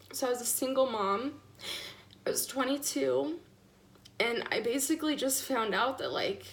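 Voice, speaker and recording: A young woman in her twenties tearfully telling her son's diagnosis story, casual and candid, with many fillers. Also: on the high side. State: tearful, apologizing for crying. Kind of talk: emotional personal storytelling. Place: live stream.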